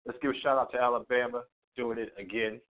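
A man's voice: medium pitch, fairly even intonation, quick pace. A man co-hosting a casual sports and music chat, laid-back and chuckling. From the Bronx, New York. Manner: laid-back, repeats "you know what I mean", chuckles. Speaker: podcast co-host. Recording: tinny phone-line sound.

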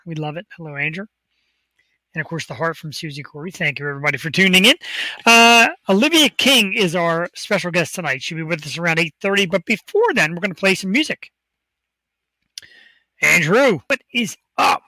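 A man's voice: high-pitched, expressive, brisk, pushed and bright, dry recording, rough recording. A man hosting a casual podcast from a home studio, talking with upbeat, rambling enthusiasm into a desk microphone. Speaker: host.

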